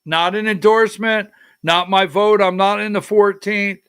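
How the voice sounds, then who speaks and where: A man's voice: high voice, steady tone, normal speed, a bit bright, smooth. A middle-aged man hosting a political livestream talk show. He talks in a rambling, emotional way and calls to the producer for slides.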